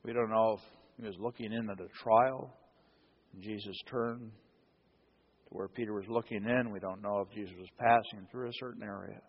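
A man's voice: fairly low pitch, fairly even intonation, moderate pace, husky, dull audio. A man preaching a sermon as a pastor, telling the story dramatically and acting out the quotes.

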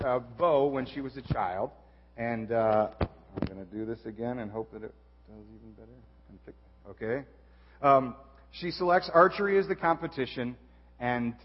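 Brief: young male youth pastor, casual sermon, fillers, mid-pitched, reverberant church sound. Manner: chatty, self-deprecating, many fillers. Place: church auditorium. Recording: dull echoey church hall.

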